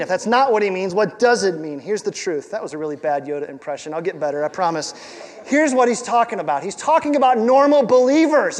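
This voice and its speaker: A man's voice: high-pitched, big-room sound. A male pastor preaching a sermon in a conversational, emphatic way, with rhetorical questions and repeated words for stress.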